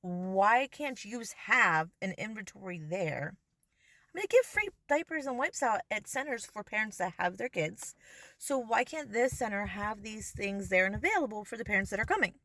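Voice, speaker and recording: A woman's voice: medium pitch, animated, normal speed, sharp tone, dry recording. A young adult woman in a heated, profane social media rant, speaking emphatically and swearing often. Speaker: vlogger.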